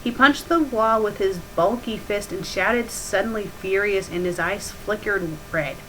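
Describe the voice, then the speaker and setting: A woman's voice: mid-range voice, unhurried, pushed and bright, slight background noise, rough recording. A woman hosting a comedic review, reading bad fan fiction aloud and mocking it with sarcastic asides.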